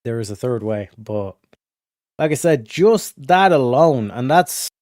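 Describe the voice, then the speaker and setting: A man streaming a casual, rambling monologue, swearing constantly and full of fillers and restarts, going from emphatic to low muttered asides. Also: expressive, unhurried, darkish tone, no room sound, clean studio sound. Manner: profane, filler-heavy, restarts often. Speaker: streamer hosting a study session.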